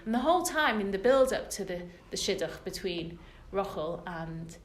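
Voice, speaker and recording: In an echoey room, a British woman who teaches religion gives a Torah lesson to a group of women, telling the story earnestly and stressing her points. Her pitch is medium but swings widely. She keeps a moderate pace.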